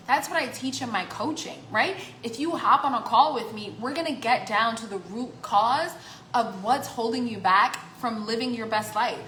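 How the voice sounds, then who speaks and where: A woman life coach talking casually to the camera, animated, acting out voices in the quotes she gives. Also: a little high, roomy sound, slight background noise, poor audio. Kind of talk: casual vlog talk.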